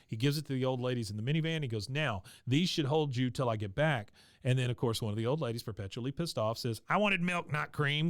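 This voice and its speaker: A man's voice: medium pitch, dry recording. A man talks loosely through a cartoon episode, reading out lines and laughing as he goes. His voice sits in an ordinary middle range. The sound is dry and close, with no room around it. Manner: laughs often, narrates scenes with quoted lines. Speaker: podcast co-host. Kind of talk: casual chat recapping an episode.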